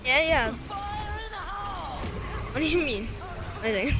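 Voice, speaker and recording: A woman's voice: high voice, takes it slowly, music in the background. A young woman chatting playfully while gaming with a friend, giggling and tripping over her words. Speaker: gamer playing with a friend. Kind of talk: casual gaming chat with silly skits.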